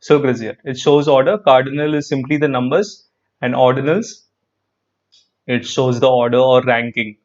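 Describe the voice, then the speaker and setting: A man with an Indian English accent teaching an online grammar class, lively and repetitive, quizzing his students as he goes. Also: mid-range voice, normal speed, lo-fi sound. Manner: lively, repeats phrases, quizzes students, frequent "perfect".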